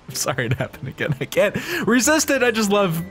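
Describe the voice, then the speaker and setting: A man hosting a let's play, giving excitable, jokey game commentary. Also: high voice, brisk, soft background music.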